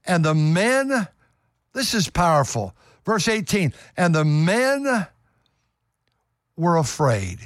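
A male preacher delivers a fervent sermon in a high voice, stressing points by repeating words. The recording is dry and close, with no room echo. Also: sing-song, slow, pauses often.

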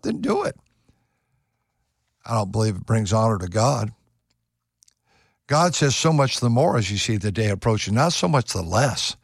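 A man's voice: mid-range voice, lively intonation, normal speed, vocal fry, no echo. Older male pastor: fervent sermon, slips into singing hymns, tight dry mic. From United States. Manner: fervent preaching that breaks into sung hymn lines. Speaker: preacher.

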